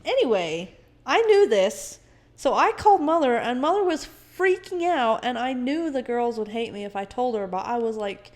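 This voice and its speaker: A young woman, a podcast guest, telling a personal story in a casual, animated way, often quoting others and swearing. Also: on the high side, normal speed.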